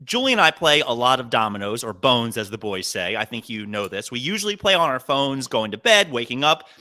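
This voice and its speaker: A man co-hosting a podcast, telling funny stories in casual comedic chat with an animated delivery that drops into low asides. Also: a little fast. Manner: animated storyteller, swings between loud and low asides. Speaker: podcast co-host.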